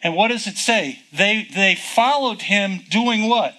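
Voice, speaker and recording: A man's voice: sits high, lively intonation, measured pace, bright, forceful tone, rough recording. A man preaching a sermon, teaching from the Bible in a conversational way, reading verses aloud and asking rhetorical questions.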